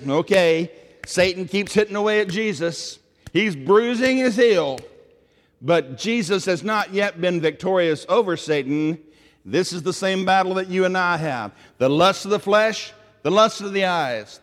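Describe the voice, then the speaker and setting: A man's voice: high voice, fairly bright tone, big-room sound. A man with a Tennessee Southern accent preaching a sermon in an earnest, conversational way, often putting questions to his listeners.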